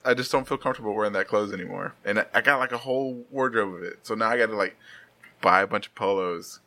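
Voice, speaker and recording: A man in his thirties hosts a casual podcast chat with a bright, forceful voice. He swears freely and laughs through animated stories. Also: lowish voice, fast talker. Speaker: podcast host.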